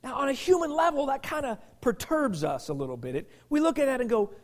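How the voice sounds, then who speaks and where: A man preaching a sermon as pastor, emphatic, often restarting and repeating words, swinging from loud bursts to near-whispers. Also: extremely high pitch, animated, fast talker.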